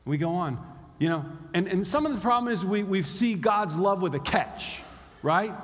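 A man's voice: sits high, expressive, normal speed. A pastor preaching a sermon in a conversational way, acting out the inner voices of his listeners. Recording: long hall reverb.

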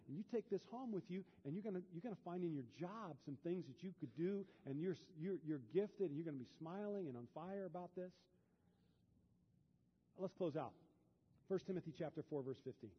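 A pastor preaching a sermon in a church, dropping to a hush and then building to loud, fervent peaks. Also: male voice, high voice, expressive, brisk, husky. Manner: swings from hushed to loud and fervent. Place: church sanctuary. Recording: dull, long hall reverb.

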